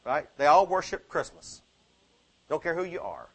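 High-voiced fervent preacher man. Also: big pitch swings, moderate pace. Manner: rising to fervent shouted exhortation, rhetorical questions. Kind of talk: sermon.

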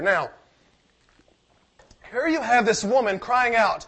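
A man's voice: extremely high pitch, expressive, measured pace, creaky, pushed and bright, breathy edge. A man preaching a sermon, reading scripture aloud and asking the congregation questions in a conversational way.

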